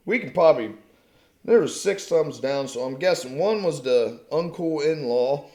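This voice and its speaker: A man ranting angrily at his viewers, swearing constantly and mocking them in a combative, profane tone. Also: on the high side. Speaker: channel host. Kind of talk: angry profane rant to camera. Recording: roomy echo.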